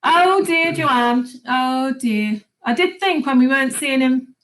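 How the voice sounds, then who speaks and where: A woman's voice: high-pitched, expressive, slow pace, fairly bright tone, low-quality recording. A woman hosting a gardening live chat, chatting casually and laughing often as she reads viewer comments aloud.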